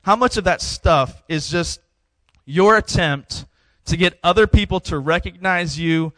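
A man in his thirties preaches a sermon in a relaxed, conversational way. He repeats his key phrases for emphasis. His voice sits a little high and sounds dry and close to the mic. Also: a little slow, dry recording. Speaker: pastor.

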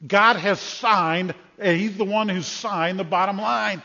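A man preaching a sermon, dramatically acting out scripture voices and rising to loud calls. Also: sits high, measured pace, hardly any pauses. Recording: dull sound with long hall reverb.

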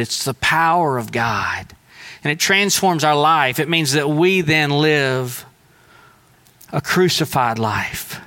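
A man preaching a sermon in an earnest, emphatic way, slowing down to stress key phrases. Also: fairly high pitch, expressive, pushed and bright.

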